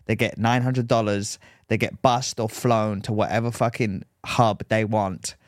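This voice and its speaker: A man's voice: fairly low pitch, fairly even intonation, dry recording, studio quality. A man co-hosting a podcast in casual chat, joking and teasing his co-host. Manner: joking, teasing, quick to laugh.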